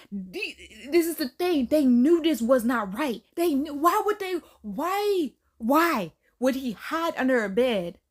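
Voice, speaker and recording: Animated woman recapping a film. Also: sits high. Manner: animated, incredulous storytelling with slang. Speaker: movie reviewer.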